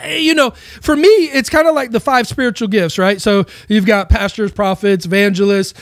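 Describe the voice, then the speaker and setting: A man's voice: sits high, fairly even intonation, moderate pace, no room sound, clean studio sound. A man giving a casual, rambling monologue on faith, with many rhetorical questions. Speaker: Christian speaker.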